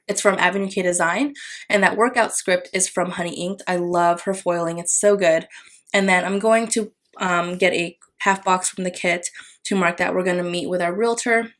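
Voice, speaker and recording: A young adult woman casually narrating a plan-with-me voiceover, chatty with frequent fillers and little apologies. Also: fairly low pitch. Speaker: planner vlogger.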